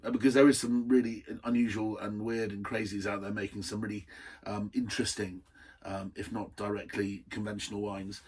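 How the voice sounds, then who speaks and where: Guy doing a casual wine tasting, husky voice, chatty and rambly, a bit off mic. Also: medium pitch, recorded from a distance. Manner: rambling, chatty and enthusiastic, full of asides. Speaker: wine reviewer, host.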